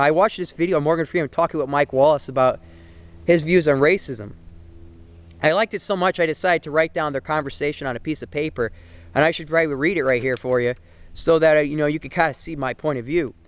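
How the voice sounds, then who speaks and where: A man's voice: fairly high pitch, brisk. A young man in his twenties giving an earnest, rambling opinion monologue, full of fillers and restarts. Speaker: vlogger. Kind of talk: casual opinion monologue to camera.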